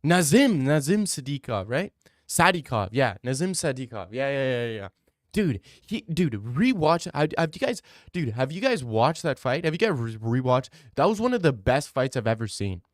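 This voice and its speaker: A man's voice: medium pitch, very animated, normal speed, no echo, studio quality. A young man streaming, chatting casually as he reads his live chat, rambling and opinionated, repeating himself.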